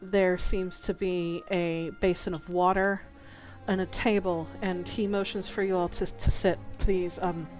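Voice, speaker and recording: A woman narrates a tabletop game as dungeon master, taking her time with each scene. Her delivery is slow and descriptive, broken by small hesitations, over faint music. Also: fairly low pitch, flat delivery, darkish tone, low-quality recording.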